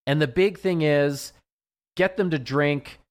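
A man's voice: fairly high pitch, measured pace. A man, a veterinarian, chatting casually on a radio show, rambling and often repeating his words. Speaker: veterinarian guest.

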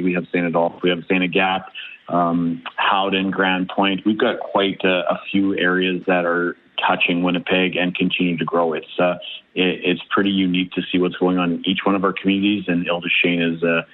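Deep, flat-voiced man on a phone line. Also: a little fast. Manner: upbeat, promotional, many fillers. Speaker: municipal mayor, radio guest. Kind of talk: phone interview.

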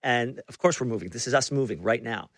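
A man's voice: medium pitch, fast, a bit bright, dry recording, studio quality. A man hosting a conversational interview, telling a story with frequent restarts and fillers. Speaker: interview host.

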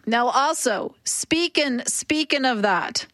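Chatty radio co-host, a woman with a slightly high voice, self-deprecating and quick to laugh, close and dry studio sound. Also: expressive, a bit bright, no room sound. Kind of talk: casual radio chat.

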